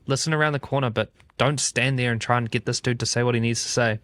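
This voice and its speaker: A man with a New Zealand accent chatting as a podcast guest, animated and acting out quoted voices. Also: mid-range voice, quick pace, no echo. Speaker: podcast guest, video studio founder. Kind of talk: casual podcast chat.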